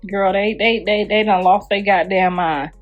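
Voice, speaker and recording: A woman's voice: medium pitch, fairly even intonation, moderate pace, lo-fi sound, soft background music. A middle-aged woman ranting bluntly and profanely on a phone livestream. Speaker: livestream host.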